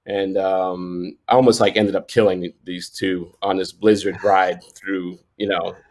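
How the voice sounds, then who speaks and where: A man's voice: low voice, flat delivery, a little slow, a little mellow. A man in his forties, a sports photojournalist, telling stories in a casual interview, rambling with restarts and fillers and laughing often. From New York.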